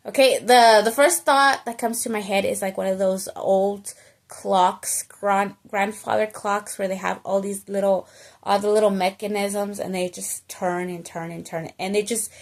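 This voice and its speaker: A woman telling a personal story in a casual vlog, animated and chatty, checking in with the listener and slipping into bits of Spanish. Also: mid-range voice. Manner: animated, keeps checking in with "okay?" and "you know?". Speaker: storytelling vlogger.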